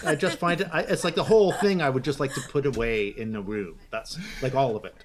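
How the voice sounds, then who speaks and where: A man's voice: medium pitch, fast. A man co-hosting a teaching podcast, thinking aloud in a casual, hesitant way and acting out question intonation. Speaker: podcast co-host, English teacher. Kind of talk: casual discussion.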